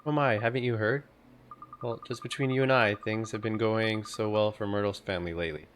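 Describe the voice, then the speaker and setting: A man's voice: on the low side, steady tone, a little fast, a bit bright, a little hiss or hum, natural voice. A man reading as a gossipy old neighbor woman. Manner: gossiping, fussy and sympathetic. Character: gossipy elderly woman neighbor, fussing and chatty. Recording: game music playing behind.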